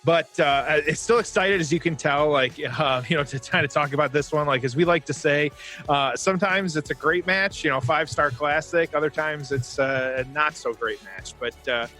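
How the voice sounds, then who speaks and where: A man's voice: a little high, moderate pace, sharp tone, soft background music. A man co-hosting a podcast in upbeat casual chat, rambling with many fillers. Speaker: podcast co-host.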